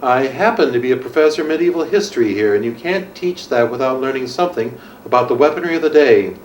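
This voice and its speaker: A man's voice: medium pitch, lively intonation, fast, slight background noise, close to an everyday voice. An actor playing a polite, pedantic male history professor, recorded in an echoey room from a distance. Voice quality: polite, pedantic about pronunciation. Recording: echoey room, mic far off.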